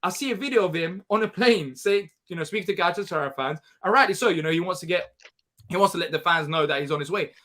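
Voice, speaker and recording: A man's voice: high voice, fast talker, bright, forceful tone. A man co-hosting a live fan stream, speaking emotionally and earnestly, often repeating himself. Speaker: co-host. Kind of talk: live fan reaction chat.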